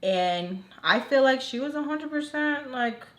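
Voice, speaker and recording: A woman's voice: sits high, lively intonation, unhurried, a bit bright. A young woman vlogger telling a personal story in a casual, chatty way, full of "like" and acted-out quotes, while doing her makeup. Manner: chatty, heavy use of "like", acts out quoted lines.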